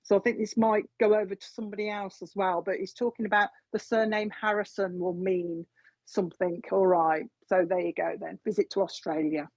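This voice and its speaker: A woman's voice: medium pitch, flat delivery, fairly quick, a little mellow, dry recording. A woman giving a live mediumship reading in a chatty, repetitive way. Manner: chatty, repeats messages from spirit. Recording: dull, dry lo-fi sound.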